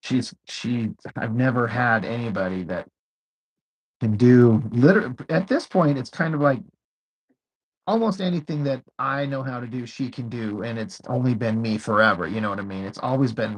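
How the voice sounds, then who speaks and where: Husky man in easygoing chat. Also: mid-range voice, moderate pace, rough recording. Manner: laid-back, swears freely, tells stories with laughs. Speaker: co-host. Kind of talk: casual chat.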